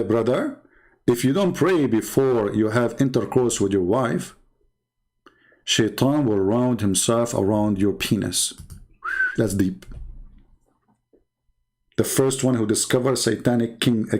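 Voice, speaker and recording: Male debate host, middle-aged, gravelly voice, sarcastic and mocking delivery. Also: medium pitch, a little slow, long pauses, a little mellow. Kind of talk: mocking commentary on videos.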